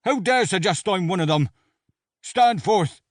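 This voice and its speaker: Guy narrator doing a hot-tempered commander barking at his men, way higher than his normal voice, dry close sound. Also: expressive, measured pace, dry recording. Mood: angry. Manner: snapping, yelling. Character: irate male army commander, quick-tempered.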